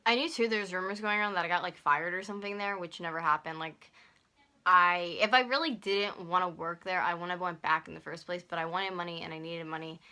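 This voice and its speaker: A young woman in her twenties vlogging at home, telling a story in a fast, heated way full of "like," into a camera on a stand. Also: on the low side, sharp tone. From North America. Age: 20s. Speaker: YouTuber. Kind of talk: storytime vlog.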